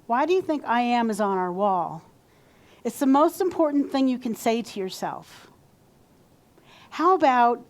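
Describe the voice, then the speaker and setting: Woman minister, fairly high voice, conversational sermon delivery. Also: animated, a little slow, long pauses. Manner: conversational, acts out quoted self-talk.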